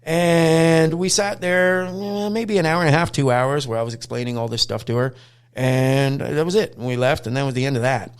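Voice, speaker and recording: A middle-aged man, hosting a podcast and telling a story in a casual, animated way, acting out quotes and swearing now and then. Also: on the high side, moderate pace, clear, resonant tone. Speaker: podcast host, dog trainer.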